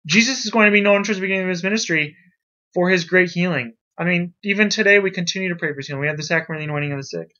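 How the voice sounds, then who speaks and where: A man teaching a class, talking to students in a lively, emphatic way. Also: high voice, rapid-fire. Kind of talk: classroom lecture. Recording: dull lo-fi recording.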